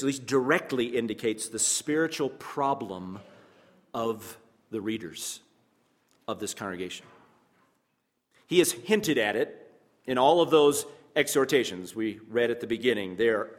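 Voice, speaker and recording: A pastor preaching a sermon to his congregation, measured and emphatic, with pauses and asides to the listeners. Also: medium pitch, in a large hall.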